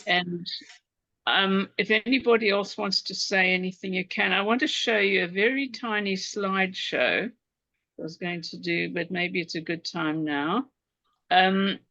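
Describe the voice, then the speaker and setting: A woman hosts an online meeting in a chatty way, thinking aloud as she tries to share her screen. Her voice is gravelly with a bright edge, and the dry call audio sounds dull. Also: mid-range voice, a little slow, dry recording. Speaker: host. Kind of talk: casual meeting hosting. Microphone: video call.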